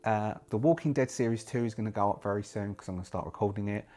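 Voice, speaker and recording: A man's voice: lowish voice, quick pace. A man hosting a solo roleplaying channel, talking casually and rambling, often correcting himself mid-sentence. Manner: rambling, self-correcting, lively. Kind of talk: casual talk to camera.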